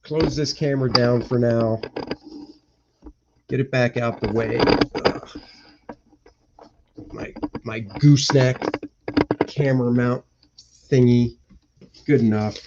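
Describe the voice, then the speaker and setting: Slow-talking man rambling on a live stream. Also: medium pitch, steady tone, very noisy. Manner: rambling, grumbles and mutters to himself. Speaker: cartoonist hosting a live stream. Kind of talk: casual live-stream chat, thinking aloud. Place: indoor home room. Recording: dull lo-fi stream audio.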